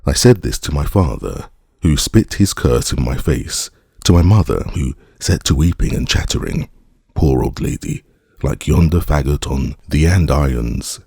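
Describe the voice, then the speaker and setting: A man's voice: extremely low pitch, animated, a little slow, creaky, dark tone, husky, no echo, studio quality, heavily acted. A man voicing a boastful young male rogue in armor in an audiobook, with rowdy, swaggering declamation.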